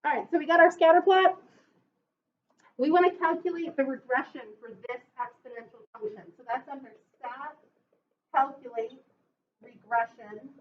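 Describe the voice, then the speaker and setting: Her voice is high-pitched and moves at a normal speed as she teaches math, captured in a dull, lo-fi classroom recording. Step by step, she patiently explains how to use the calculator and puts questions to the class.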